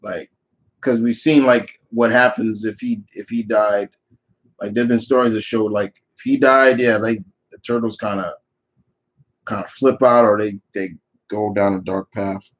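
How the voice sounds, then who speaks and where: In a live Q&A chat, a man hosting a channel answers viewers' questions with opinionated, meandering responses and frequent restarts. His lowish voice is unhurried with fairly even intonation, and the audio sounds dull.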